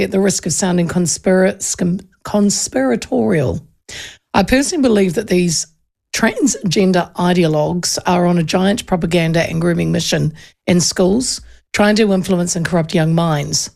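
A woman's voice: on the low side, creaky, darkish tone. A middle-aged woman with a New Zealand accent, hosting a radio show and telling stories in casual chat, often laughing. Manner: chatty storyteller who laughs often.

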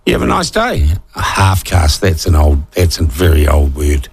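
A man's voice: a bass voice, wildly swooping pitch, normal speed, husky, dry recording. A man hosting talkback radio, breezy and wry, often cutting in on callers. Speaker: radio talk show host.

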